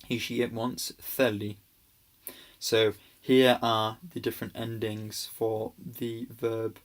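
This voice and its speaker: A man with a fairly low voice walks through a grammar lesson at an unhurried pace. He explains patiently and reassuringly, pausing often on ums and restarting his sentences. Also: level tone. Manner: hesitant, many ums and restarts. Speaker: language teacher. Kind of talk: casual slide-based grammar lesson.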